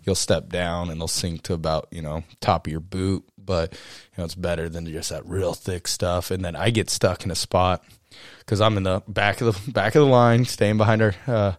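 A man's voice: sits low, little pitch movement, moderate pace, dry recording, clean studio sound. A young man co-hosting a podcast, telling a long story in a rambling, casual way with lots of "you know" and "uh". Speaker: podcast co-host.

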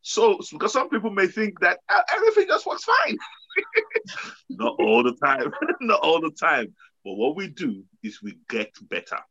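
A middle-aged man speaks as a father, with a bright, sharp tone. His pitch swings widely as he draws a lesson from the story. The sound is a little dull and lo-fi. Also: normal speed, slightly rough. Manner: lively and instructive. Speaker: father sharing advice. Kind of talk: casual talk.

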